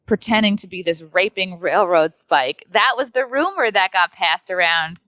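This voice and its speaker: A woman's voice: mid-range voice, expressive, normal speed, no echo. A woman comedian from New York, telling a story in a casual, chatty way with lots of filler words as an interview guest. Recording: dry, dull lo-fi sound.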